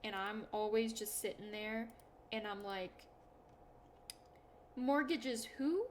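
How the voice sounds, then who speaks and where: A woman's voice: mid-range voice, little pitch movement, normal speed, slight background noise. A young woman chatting casually to her viewers, telling self-deprecating stories in a rambling way with lots of fillers and restarts. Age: young adult. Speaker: YouTuber. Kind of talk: casual chat to camera.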